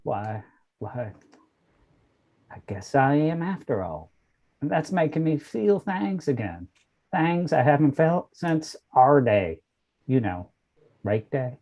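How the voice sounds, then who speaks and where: A man's voice: on the high side, sing-song, darkish tone, full character voice. A man playing a lovestruck husband. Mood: tender. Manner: halting, sentimental. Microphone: video call.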